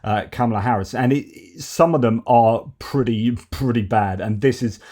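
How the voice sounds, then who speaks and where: A man's voice: mid-range voice, moderate pace, a little mellow. A man giving casual political commentary, chatty, with many fillers and restarts.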